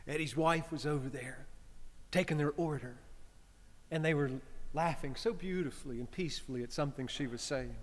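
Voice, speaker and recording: Priest telling a story in his sermon, kinda high voice, chatty, keeps checking in with the room, big church echo. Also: normal speed. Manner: conversational, asks the congregation "huh?". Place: church sanctuary. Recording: long church reverb.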